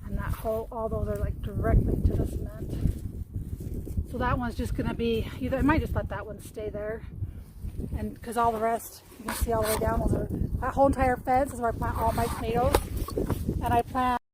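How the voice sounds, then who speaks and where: A woman's voice: a little high, steady tone, moderate pace. A woman livestreaming from her backyard garden, chatting in a rambling way and greeting viewers by name as she works. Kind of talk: casual live-stream chat. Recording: loud wind and outdoor noise.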